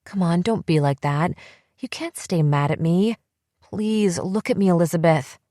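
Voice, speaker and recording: A woman's voice: lowish voice, unhurried, dry recording, studio quality, close to an everyday voice. A woman reading the part of a desperate young woman who begs and pleads with her sister in an audiobook. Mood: pleading. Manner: pleading, wheedling, rising to yelling.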